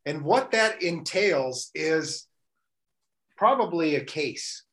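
A man's voice: fairly high pitch, lively intonation, slow, fairly bright tone. A man co-hosting a radio show, chatting casually with rambling, self-deprecating humor. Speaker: radio co-host. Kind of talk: casual banter.

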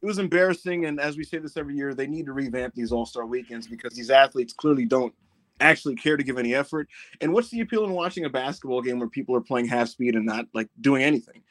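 A man hosting a podcast, telling stories in casual chat, animated, swearing and laughing often. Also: mid-range voice, fast. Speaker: podcast host.

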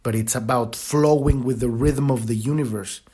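A man hosting a podcast, talking in a casual spiritual monologue, rambling and animated, swearing now and then and acting out quoted voices. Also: medium pitch, moderate pace, slightly rough. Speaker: podcast host.

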